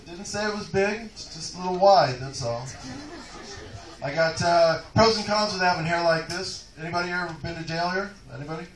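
A man doing a stand-up comedy set in a comedy club, loud, profane and rambling. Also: on the high side, brisk, distant mic, noisy background. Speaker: stand-up comic. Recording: echoey club room, mic from afar.

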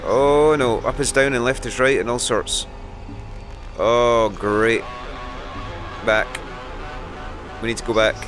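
A man talks his way through a horror game in a middle-pitched voice, jumping at every scare and swearing freely. He mutters to himself between frights. Faint game music plays behind him. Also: steady tone, slow pace, pauses often. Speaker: gamer. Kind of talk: let's play commentary.

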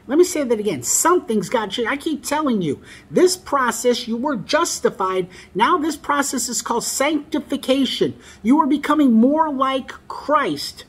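A man's voice: extremely high pitch, husky. A man preaching a sermon, reading scripture aloud and stressing key phrases by repeating them.

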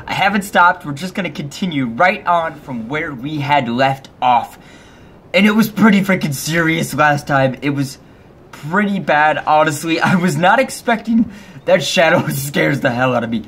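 A man's voice: on the high side, lively intonation, moderate pace, fairly bright tone, slightly rough. A young man hosting a let's play of a horror game, nervous and jumpy, swearing often and laughing between scares. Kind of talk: casual gaming commentary.

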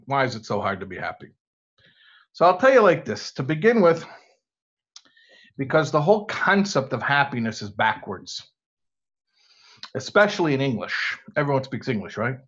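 A man's voice: medium pitch, sing-song, moderate pace, long pauses, fairly bright tone, lo-fi sound. American man giving an engaging lecture. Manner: engaging, asks rhetorical questions. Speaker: rabbi speaking to students. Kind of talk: conversational lecture.

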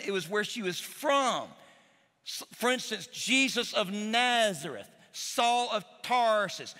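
A middle-aged pastor delivers an animated, emotional sermon, stumbling and repeating words as he tells his stories. His voice sits high and bright, and it rings out with a long reverb through a large church hall. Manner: animated, emotional storytelling with repetitions.

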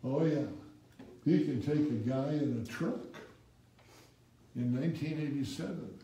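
A male pastor preaching an animated sermon, reading scripture in old-fashioned wording and prompting the congregation to finish the verses, with wry asides. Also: medium pitch, unhurried. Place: church sanctuary with congregation. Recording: echoey room, speaker far from the mic.

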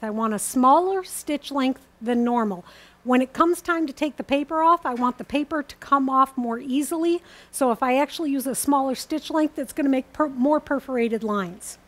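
High-voiced woman teaching quilting. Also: moderate pace. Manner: calm, methodical, explains each step as she works. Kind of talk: step-by-step sewing demonstration.

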